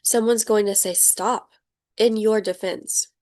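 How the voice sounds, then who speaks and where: A woman's voice: mid-range voice, unhurried. Chatty young woman giving a tarot reading. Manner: chatty, animated, laughs often, acts out quoted people. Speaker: tarot reader. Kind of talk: casual tarot reading to camera.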